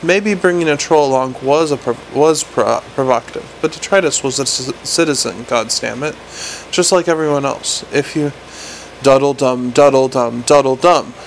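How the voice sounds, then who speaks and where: A man's voice: fairly high pitch, moderate pace, slight background noise, low-quality recording. A man narrating a comic fantasy novel in a wry tone, with small stumbles and restarts. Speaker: audiobook narrator.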